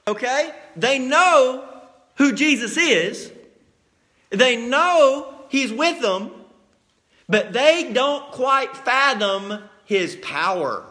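Preacher man, real high bright voice, acts out the bible stories, swings up and down a lot. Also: very slow. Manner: animated storytelling, acts out scenes. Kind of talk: sermon.

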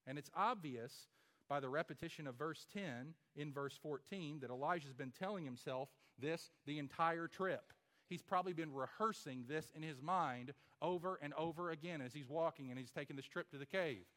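A man preaching a sermon as pastor, emphatic, with rhetorical questions and swings from loud to hushed. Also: fairly high pitch, normal speed.

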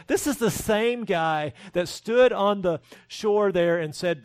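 Pastor, male, high-pitched, earnest sermon delivery, dry close-miked sound. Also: slow pace, hardly any pauses, no room sound. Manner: earnest preaching with rising emphasis and self-deprecating humor.

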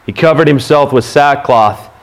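A man preaching a sermon, asking the listeners questions and reading scripture aloud in an animated way. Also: medium pitch, moderate pace. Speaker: pastor.

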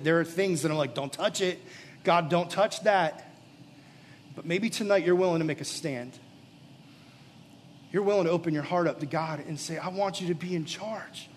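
A man with a slightly raised pitch preaches live to a gathered crowd as their pastor. He speaks earnestly, urging and pleading, and often sinks into soft, intimate tones during the altar call and prayer. A faint hum of the room sits behind him. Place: church or youth gathering, live.

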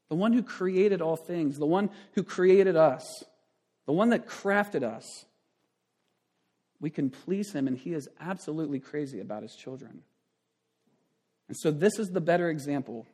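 A man's voice: a little high, expressive, measured pace, pauses often, mellow. A man in his thirties, a pastor giving a conversational sermon with frequent asides and restarts.

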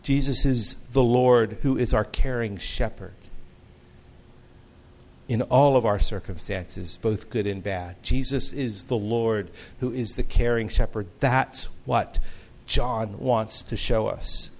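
A man's voice: mid-range voice, slow. A man preaching a sermon, earnest and storytelling, with humorous asides. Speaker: pastor.

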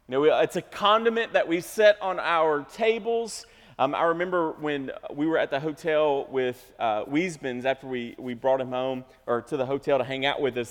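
A man preaching a sermon as pastor, building to loud, emphatic stressed phrases. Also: a little high. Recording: reverberant church hall.

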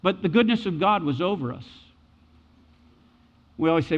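Middle-aged pastor guy preaching, repeats stuff for emphasis, kinda highish voice, long echo, muffled. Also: animated, normal speed. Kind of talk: sermon.

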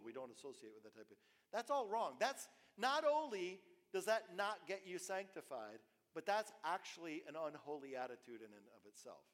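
A male pastor delivering a sermon in a fairly high voice, swinging from emphatic bursts to hushed asides and repeating himself as he builds a point. His words ring out with a long reverb through a church hall. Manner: animated preaching with repetitions and sudden soft drops.

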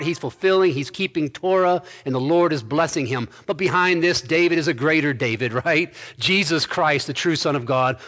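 A man preaching an expository sermon, building to emphatic points with quick asides. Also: on the high side, fairly bright tone. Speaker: pastor.

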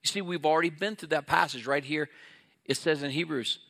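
A man's voice: fairly high pitch, steady tone, moderate pace, sharp tone. A middle-aged male pastor preaching a sermon in an earnest, conversational way, acting out little quoted exchanges.

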